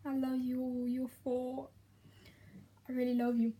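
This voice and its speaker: A young French woman with a French accent, gushing excitedly in a casual vlog and laughing often. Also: high-pitched, measured pace. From France. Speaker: vlogger.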